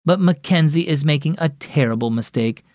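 A man voicing a gentle, caring mother in a children's story, speaking calmly and reassuringly. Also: on the high side, moderate pace, dry recording, studio quality, lightly acted.

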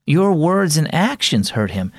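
A mother, voiced by a male reader, who corrects her child earnestly and gently in a storybook. Her voice sits a little above the reader's own and moves with lively inflection. It is recorded dry and close. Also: fairly high pitch, measured pace, no echo, pitched above the performer's own voice, exaggerated voice. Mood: firm. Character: firm but loving mother.

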